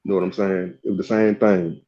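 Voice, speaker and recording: A man co-hosting a casual boxing podcast, explaining his view in a relaxed way. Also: low-pitched, brisk. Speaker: podcast co-host. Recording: dull lo-fi sound.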